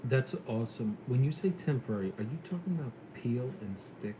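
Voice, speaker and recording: A middle-aged former police lieutenant from New York with a New York accent, chatting casually and telling stories in a lively way. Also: male voice, medium pitch, fairly quick, noisy background. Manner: chatty storyteller, animated when retelling. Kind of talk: casual chat on a call.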